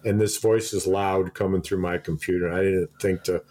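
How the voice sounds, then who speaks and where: A man's voice: low-pitched, level tone, moderate pace, a little mellow. A middle-aged man telling long anecdotes in casual chat, laughing often and restarting his sentences. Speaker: podcast co-host.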